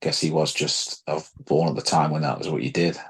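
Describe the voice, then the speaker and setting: A man's voice: a bass voice, fairly even intonation, brisk, creaky, breathy edge. A man co-hosting a podcast, rambling through his points in casual chat. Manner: rambling, many fillers and laughs. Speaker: podcast co-host.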